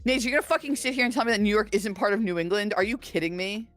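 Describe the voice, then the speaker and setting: A woman's voice: medium pitch, very fast, faint music behind. A woman guest in a casual stream chat, talking emphatically and combatively with frequent swearing.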